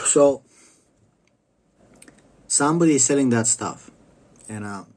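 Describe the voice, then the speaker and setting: A man ranting to camera in a rambling, stop-start way, swearing constantly. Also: medium pitch. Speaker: vlogger. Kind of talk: profane ranting monologue to camera.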